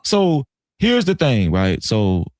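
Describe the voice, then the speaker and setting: A man telling a story casually on a live stream, animated and profane, often repeating himself. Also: medium pitch, slow, no echo, clean studio sound.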